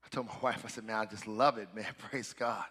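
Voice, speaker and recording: A man preaching a sermon as pastor, swinging from hushed, quiet talk to loud, fervent shouting. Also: fairly low pitch, fairly even intonation, fairly quick, husky, big-room sound.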